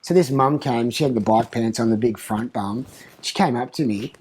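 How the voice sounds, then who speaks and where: A man with an Australian accent doing a comic monologue about parenting, deadpan and crude. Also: mid-range voice, moderate pace, breathy edge. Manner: deadpan, crude, mocking asides. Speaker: comedian. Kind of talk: stand-up style comic monologue.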